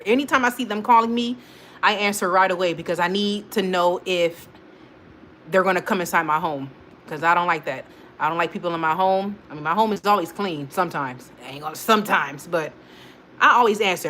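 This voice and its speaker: Speaking directly to her viewers on a casual weekly live check-in stream, this woman rambles in an animated, slang-heavy way, often laughing and restarting. Her voice sits on the low side, with slight background noise in the recording.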